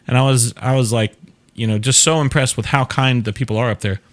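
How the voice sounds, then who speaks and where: A man's voice: mid-range voice, steady tone, brisk. A man from Florida with a Southern accent, hosting a casual show and answering viewer questions in a rambling, chatty way. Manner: rambling, chatty, laughs often. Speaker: show host.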